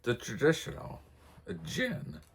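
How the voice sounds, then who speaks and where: A man's voice: fairly high pitch, wildly swooping pitch, a little slow, vocal fry, breathy edge. A man from the United States hosting a casual vlog, telling rambling anecdotes and chuckling as he goes. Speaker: vlog host. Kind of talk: casual storytelling chat.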